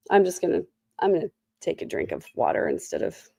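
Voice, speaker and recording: A woman's voice: on the low side, huge pitch swings, fast talker, creaky, dark tone, no room sound. Snarky, tired woman recapping a trial. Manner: snarky, sarcastic asides. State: sore throat. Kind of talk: casual commentary.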